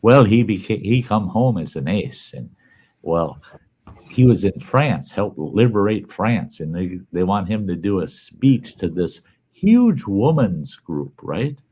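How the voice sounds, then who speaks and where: Slow, low-voiced man telling a joke. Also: big pitch swings, mellow, husky. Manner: folksy storyteller, swears freely. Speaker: host. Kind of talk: casual joke-telling chat.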